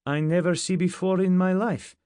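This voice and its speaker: A blustering, bawdy Russian man with a thick Russian accent and broken English, as a male narrator puts him on. The voice sits higher and pushes louder than the reader's own. Dry, close studio sound. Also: steady tone, normal speed, no room sound, natural voice. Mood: brash. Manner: heavy accent, dropped articles, bawdy.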